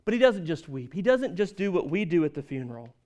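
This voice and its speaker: A man preaching a sermon as pastor, animated, rattling off scripture references with emphatic stresses. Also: high-pitched, fast talker.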